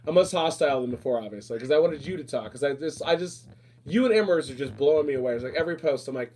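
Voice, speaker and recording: A man's voice: a little high, quick pace, darkish tone. A man chatting casually and flamboyantly, repeating himself and calling people darling. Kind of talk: casual chat.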